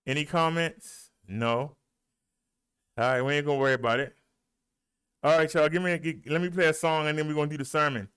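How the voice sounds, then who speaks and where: A middle-aged man and show host, out of breath, reading out the day's figures in a folksy, animated way. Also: a little high, brisk, long pauses, smooth. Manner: animated, rolls his R's, folksy drawl. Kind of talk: casual livestream talk, reading daily stats.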